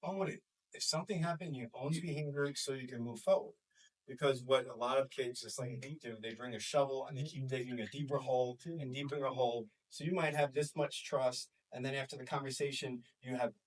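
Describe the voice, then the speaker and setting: A man's voice: mid-range voice, fairly quick. A man in his forties from New York with a New York accent, a school counselor talking to a small group and acting out quoted voices. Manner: animated, acts out quoted voices. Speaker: school counselor and life coach. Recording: voice from far off the mic.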